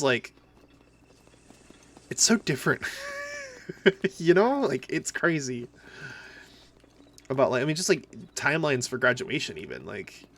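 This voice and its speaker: Streaming a game, this northern US man with a Minnesotan accent talks in a loose, rambling, casual way. His voice is medium-pitched, gravelly and a bit bright, and there's a little hiss or hum.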